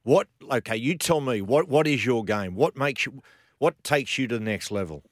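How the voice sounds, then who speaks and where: A man's voice: medium pitch, normal speed, dry recording, studio quality. An Australian man hosting a radio show, chatty and matey, asking rambling questions of a guest. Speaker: radio host. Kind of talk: radio show chat and ad reads.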